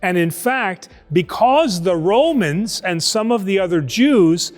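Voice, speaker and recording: Lively priest telling a Bible story. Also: male voice, high-pitched, slow pace, long reverb tail. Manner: lively and conversational, acts out voices. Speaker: priest teaching Sunday school. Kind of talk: storytelling lesson for children. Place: church.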